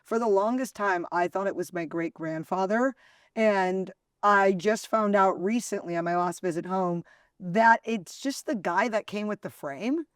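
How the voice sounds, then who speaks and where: Raspy-voiced woman hosting a podcast. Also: mid-range voice, measured pace, no room sound, studio quality. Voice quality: raspy, slightly gravelly voice. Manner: chatty, laughs often, tells stories. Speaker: podcast host. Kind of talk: casual podcast chat.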